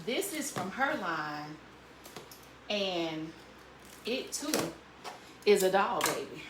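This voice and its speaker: An older woman, hosting a casual cooking vlog and chatting warmly and animatedly to her viewers, laughing often. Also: fairly low pitch, sing-song, slow, background noise. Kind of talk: casual unboxing chat to viewers.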